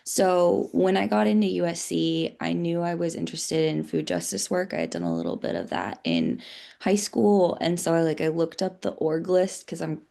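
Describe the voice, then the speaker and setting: Congested young woman with a gravelly voice. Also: lowish voice, normal speed, mellow. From Colombia, raised in the US. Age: young adult. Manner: chatty, uses "like" often. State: congested from a cold. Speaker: panel guest calling in. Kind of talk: casual panel talk.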